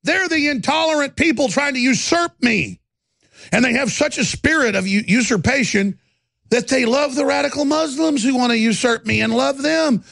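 A male radio talk show host, ranting in a heated monologue with stammered restarts and bursts of shouting. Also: very high-pitched, moderate pace, dry recording, clean studio sound. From Texas. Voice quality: gravelly.

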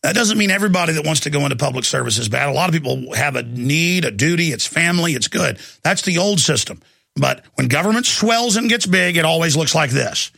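A man hosting a political talk radio show, ranting and shouting with lots of repetition. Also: fairly high pitch, animated, brisk, gravelly, no room sound, studio quality.

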